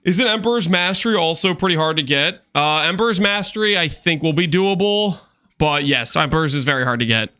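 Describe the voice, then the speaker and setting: A man streaming a game, chatting with viewers in an animated, teasing way with quick asides. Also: a little high, clean tone. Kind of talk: livestream chat with viewers.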